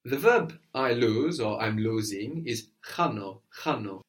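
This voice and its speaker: A man's voice: medium pitch, animated, unhurried. Patient man teaching a language lesson. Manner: patient, prompting questions and praising answers.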